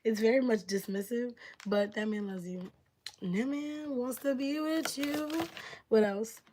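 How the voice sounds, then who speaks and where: A woman's voice: on the high side, unhurried. Woman reading tarot on a live stream, chatty, lots of likes, bit of hiss behind her. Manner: chatty, many fillers, acts out quotes. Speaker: tarot reader.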